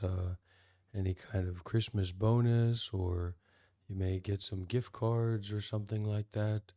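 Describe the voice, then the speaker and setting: A man talking as a meditation teacher, in a halting, deadpan way with dry irony. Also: low-pitched, no echo. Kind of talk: casual spoken teaching.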